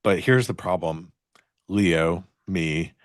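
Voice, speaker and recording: A man's voice: sits low, slow pace, smooth, no room sound, clean studio sound. A man co-hosting a live trading stream, talking in a laid-back, rambling way with lots of fillers. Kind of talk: casual chat.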